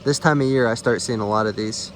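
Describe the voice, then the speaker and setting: A man's voice: mid-range voice, fast talker, slight background noise. A man casually narrating as he finds snakes on a rural road at night, chatty and easygoing. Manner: easygoing, chatty, fond of the animals. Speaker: field herping vlogger.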